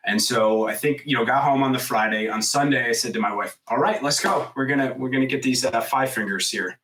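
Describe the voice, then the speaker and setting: A man in his thirties, a guest on a podcast, tells a story in loose, casual talk. He says "like" constantly, swears freely, and gets loud when he acts out what people said. His voice sits a little back from the microphone. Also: mid-range voice, fairly quick, far from the mic, rough recording. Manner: animated storyteller, acts out quoted voices loudly; frequent "like" fillers, swears casually.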